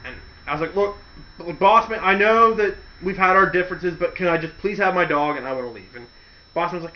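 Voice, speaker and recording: A man's voice: sits high, brisk. A man telling a wrestling story in a casual monologue, acting out the quotes with mocking voices. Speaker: wrestling commentary host. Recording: dull lo-fi audio.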